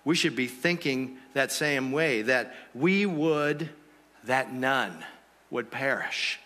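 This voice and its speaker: A man's voice: medium pitch, expressive, slow pace, pushed and bright, big-room sound. A man preaching a sermon in a church, conversational and asking the congregation rhetorical questions. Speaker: pastor.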